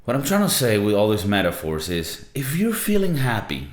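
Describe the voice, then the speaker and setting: A man's voice: mid-range voice, sing-song, a little fast, hardly any pauses, a bit bright. A man in his thirties hosting a casual solo podcast, talking in a laid-back, profane, rambling way. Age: 30s. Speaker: podcast host. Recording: roomy echo.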